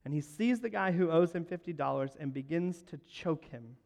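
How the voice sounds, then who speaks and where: A man preaching a sermon, telling a story and acting out its lines, moving between hushed and loud. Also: fairly high pitch, expressive, normal speed, creaky, hardly any pauses. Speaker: pastor. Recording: long hall reverb.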